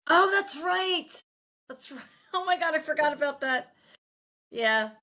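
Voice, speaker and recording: Woman, podcast host, middle-aged, animated storytelling, high-ish pitch. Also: measured pace. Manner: animated, laughs often, acts out quotes. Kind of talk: casual family storytelling.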